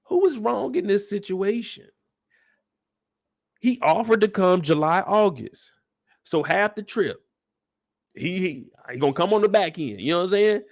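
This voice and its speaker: A man hosting a live recap in a high, bouncy voice that swoops all over. He talks in a slangy, playful way, and the sound is dry and close. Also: expressive, moderate pace, no room sound. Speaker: show host recapping a series.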